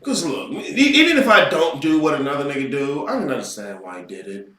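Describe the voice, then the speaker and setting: A man's voice: fairly high pitch, big pitch swings, a little fast, sharp tone. A man giving an unscripted, ranting lecture as an occult teacher, profane and mocking in tone. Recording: roomy echo, voice far from mic.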